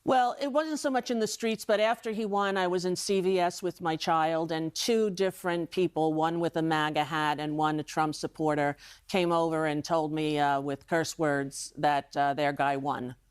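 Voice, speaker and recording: A woman's voice: sits low, fairly even intonation, normal speed, clear, resonant tone. A woman, talking emphatically with many restarts as a guest on a live TV interview. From New York. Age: 60s. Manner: emphatic, rambling, with frequent restarts.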